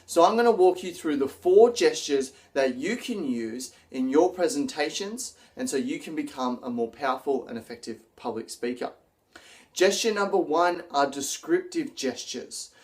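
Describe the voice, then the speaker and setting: Energetic man coaching public speaking. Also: a little high, moderate pace. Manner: energetic, acts out example lines. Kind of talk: instructional video presentation.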